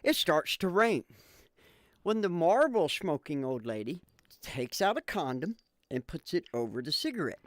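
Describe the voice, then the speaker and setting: A man's voice: fairly high pitch, normal speed, no echo. A man telling a long joke in casual voice chat, rambling and laughing as he goes. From southeastern United States. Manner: rambling, laughing, animated storyteller. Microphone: headset in online voice chat.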